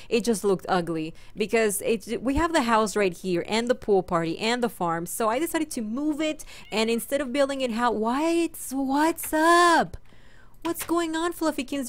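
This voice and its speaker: A woman hosting a gaming channel, chatting casually and playfully through her game and talking to her in-game pets. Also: on the high side. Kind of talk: casual let's-play commentary.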